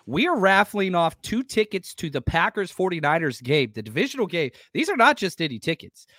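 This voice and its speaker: A man co-hosts a sports podcast in a laid-back, conversational way. His voice sits a little high and moves around a lot as he reads stats and viewer messages. The sound is dry. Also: a little fast, no room sound. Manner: relaxed, lively, reads stats and super chats. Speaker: podcast co-host. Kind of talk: casual sports podcast chat.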